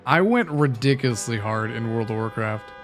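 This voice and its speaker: A gaming livestreamer chats loosely and curses while he plays, his medium-pitched voice expressive at a moderate pace. Faint music sits in the background.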